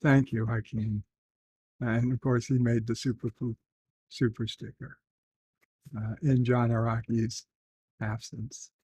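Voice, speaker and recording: A middle-aged man hosting a casual livestream. He reads chat messages aloud, then answers softly with dry, rambling humor. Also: mid-range voice, little pitch movement, slow pace, long pauses, breathy edge, no room sound. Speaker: livestream host reading chat.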